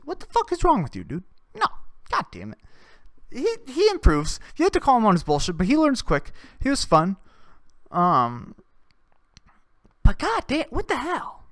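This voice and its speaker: A man's voice: extremely high pitch, huge pitch swings, normal speed, long pauses, a bit bright, dry recording, clean studio sound. A young adult man hosting a podcast. He tells stories in a loose, casual monologue, swears a lot and laughs at his own tales. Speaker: podcast host.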